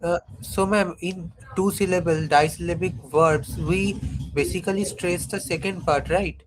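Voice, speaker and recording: Brief: slightly high-voiced man, polite hesitant student asking questions in an online class. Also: steady tone, measured pace, a little hiss or hum, low-quality recording. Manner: polite, hesitant, keeps saying ma'am.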